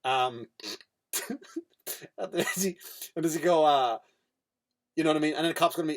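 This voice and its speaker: A man's voice: a little high, normal speed, long pauses. An Irish man hosting a comedy podcast, rambling through a profane monologue full of restarts.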